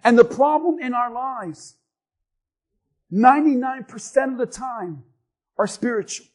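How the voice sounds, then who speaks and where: A male pastor preaches with a strikingly high voice. He delivers the sermon emphatically, hammering his points home through repetition and rising to a forceful push on key phrases. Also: unhurried, rough recording.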